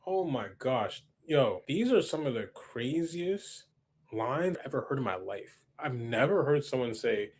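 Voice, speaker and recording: A young man hosting a reaction video, talking excitedly, repeating himself and laughing often. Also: mid-range voice, measured pace, husky. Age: young adult. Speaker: reaction channel host. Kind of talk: casual reaction commentary.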